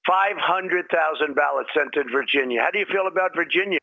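Raspy older man rambling in an interview. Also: on the high side, a little fast, sharp tone, low-quality recording. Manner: rambling, repetitive, emphatic. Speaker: politician interviewed on TV. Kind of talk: TV interview answers.

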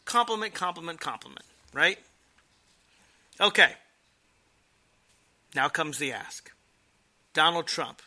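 Sharp, animated man giving commentary. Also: fairly high pitch, slow pace, pauses often. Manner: emphatic, sarcastic. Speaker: political commentator. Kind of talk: explanatory commentary.

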